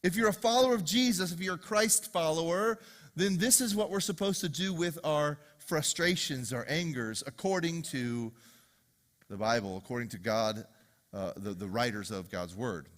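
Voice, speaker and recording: A man's voice: on the high side, moderate pace, a bit bright, big-room sound. A man preaching a sermon in a church, talking to the congregation in a conversational, joking storytelling way with asides. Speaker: pastor. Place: church sanctuary.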